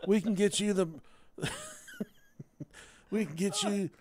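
A man voicing a sleazy male injury-lawyer pitchman in a mock TV commercial, with rapid, salesy ad patter. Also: fairly even intonation, darkish tone, slight background noise.

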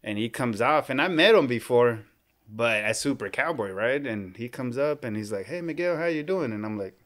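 A man in his thirties who's a big fan of his team spins an animated, casual story for a podcast host, performing quoted dialogue and dropping "bro" frequently. He speaks at normal speed in a medium pitch.

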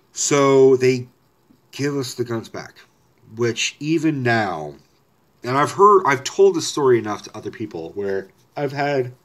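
A man's voice: mid-range voice, a bit bright. A man telling a personal story in a casual, rambling way, often correcting himself and swearing.

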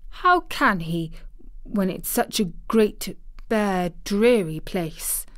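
A woman voicing a sickly, resentful bedridden boy in a storybook reading, speaking slowly and crossly. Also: mid-range voice, expressive, dry recording, studio quality. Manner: cross, restless, gloomy.

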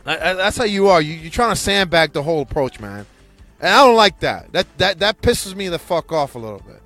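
A man's voice: a little high, very animated, fairly quick, sharp tone, soft background music. A man hosting a casual podcast, ranting in a rambling, profane way with frequent restarts. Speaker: podcast host.

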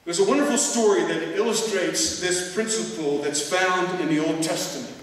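A man preaching a sermon as a church elder, speaking slowly and deliberately with emphatic repetition. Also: high voice. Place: large church hall. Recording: echoey hall, distant mic.

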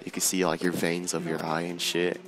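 A man's voice: sits low, completely flat delivery, normal speed, background noise. A young man giving casual gameplay commentary, rambling with lots of fillers and swearing. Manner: rambling, filler-heavy and profane. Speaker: gaming channel host.

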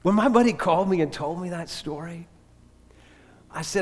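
A male pastor preaching a sermon, telling a story earnestly, with sudden emphatic rises and hushed drops. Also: high-pitched, normal speed. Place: church. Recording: echoey church hall reverb.

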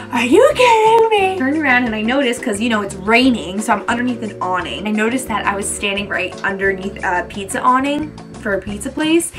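Chatty New woman, music behind. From New Jersey. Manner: animated, frequent "like", acts out quotes in a higher voice. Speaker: beauty vlogger. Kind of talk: casual storytelling chat.

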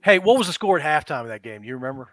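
A man hosting a podcast, asking short, relaxed questions in a casual chat. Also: on the high side, very fast, no room sound, studio quality. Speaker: podcast host.

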